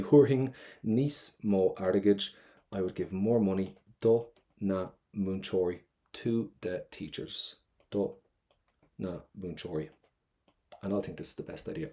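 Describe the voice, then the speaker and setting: A man's voice: deep voice, fairly quick, dark tone. A man with an Irish accent teaching an online exam-prep lesson, chatty and encouraging, repeating phrases for drilling.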